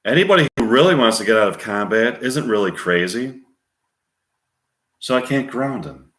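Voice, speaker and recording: A man playing a calm, dry army doctor. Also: medium pitch, normal speed, lightly acted. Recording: roomy echo.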